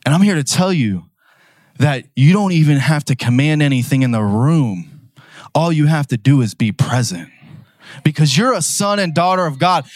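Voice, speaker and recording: A young man preaches with a somewhat higher voice, telling his story loosely and conversationally. He builds to loud, emphatic declarations. The recording is dry and close, with little room sound. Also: lively intonation, moderate pace, no echo. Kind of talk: sermon.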